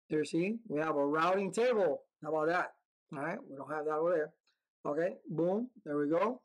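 Male instructor walking through a lab, relaxed and upbeat, thinks aloud as he types. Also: high-pitched, poor audio. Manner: casual, upbeat, talks to himself while typing commands. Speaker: networking instructor. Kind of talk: screen-recorded lab walkthrough.

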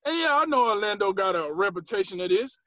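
A man co-hosting a casual sports chat, playfully trash-talking teams in an animated way. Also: high voice, fast, no echo, dull audio. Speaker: podcast co-host.

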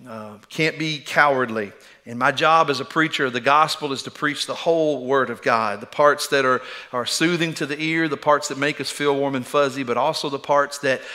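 A man's voice: mid-range voice, moderate pace, bright, forceful tone. A middle-aged man preaching a sermon from a church stage, folksy and self-deprecating, with frequent small restarts. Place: church sanctuary.

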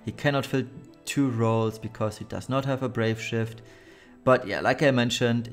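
A man hosting a gaming channel, giving blunt, critical commentary full of fillers, his voice a little worn. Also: mid-range voice. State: voice wearing thin. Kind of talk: casual commentary on a mobile game.

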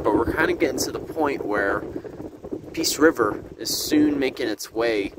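A nature vlogger walks by a river in a windy garden, giving an easygoing, explanatory tour at normal speed, loose with fillers. His handheld camera mic picks up wind rumble and wind noise outdoors.

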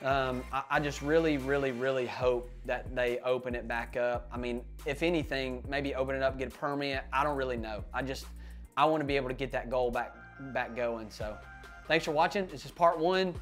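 A young man, hosting a casual hunting vlog and telling a rambling, excited story full of fillers. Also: medium pitch, moderate pace, soft background music. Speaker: hunting channel host.

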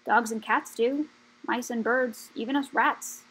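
A woman's voice: on the high side, steady tone, unhurried, a bit bright, breathy edge, rough recording. A woman voicing a wise, blunt female rat in a storybook reading, plain-spoken and knowing.

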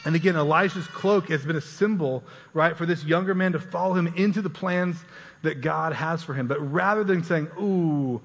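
A man's voice: on the high side, brisk. A man preaching a sermon as pastor, earnest and conversational, often repeating words as he goes. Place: church sanctuary. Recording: church hall reverb.

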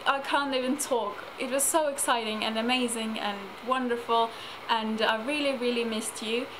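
A woman's voice: a little high, steady tone, normal speed. A teenage girl chatting casually in a home vlog, giggling often. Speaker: vlogger. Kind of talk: casual chat. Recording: noisy home video.

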